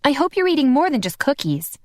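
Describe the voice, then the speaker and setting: A woman's voice: high voice, sing-song, brisk, no room sound, studio quality, voice pushed up. A woman voicing an affectionate, mildly chiding young mother in an audiobook. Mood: doting. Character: warm, doting young mother. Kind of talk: audiobook character voice.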